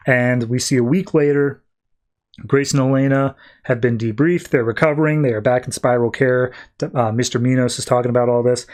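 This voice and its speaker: A man hosting a comics podcast, casually retelling a comic book issue and reading out the characters' lines in a low-key voice. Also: darkish tone.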